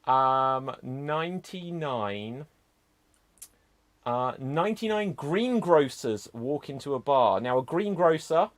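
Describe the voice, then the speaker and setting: Man, improv show host, upbeat, loose and chatty, mid-pitched voice. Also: animated, slow. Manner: upbeat, loose, lots of fillers and asides. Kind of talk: chatty hosting of an improv game.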